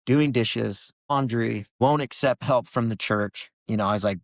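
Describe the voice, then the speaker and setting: A man's voice: mid-range voice, steady tone, normal speed, dry recording. A man as a podcast guest, telling a personal story in an earnest, emotional way with many restarts.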